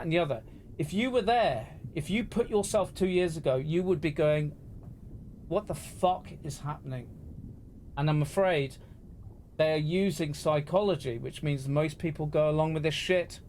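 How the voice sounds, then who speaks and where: A man's voice: fairly high pitch, a little mellow, slight background noise. A man from the UK, talking straight to viewers on a livestream in an impassioned, sweary, repetitive rant.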